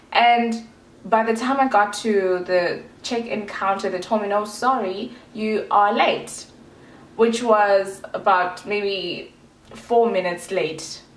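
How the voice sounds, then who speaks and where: A woman's voice: medium pitch, roomy sound, low-quality recording. A woman from South Africa in her twenties, chatting casually and rambling to her vlog audience with playful asides. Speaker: vlogger. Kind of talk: casual chat to camera.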